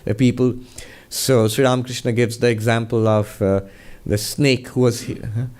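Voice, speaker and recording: A man's voice: medium pitch, flat delivery, normal speed, a little mellow. A man, a monk answering audience questions, gives a spiritual talk and tells stories animatedly, often laughing.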